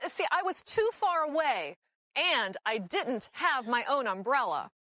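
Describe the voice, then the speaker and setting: An actress playing an excitable young woman who witnessed a robbery, in a scripted scene for English learners, speaking slowly and clearly. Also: high voice, no echo, clean studio sound, heavily acted. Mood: animated. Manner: animated, slow and clear. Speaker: eyewitness in a lesson video.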